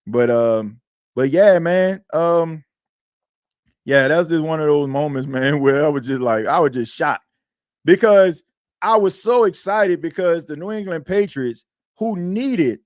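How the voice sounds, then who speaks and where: Man, sports podcast host, casual chat, rambling slangy talk, raised pitch, dry close sound. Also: lively intonation, measured pace, no room sound.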